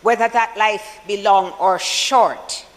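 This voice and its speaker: A senator with a Jamaican accent giving a formal tribute speech for the opposition in parliament, measured and solemn, with deliberate pauses. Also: medium pitch, fairly even intonation, a bit bright, in a large hall, low-quality recording. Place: senate chamber.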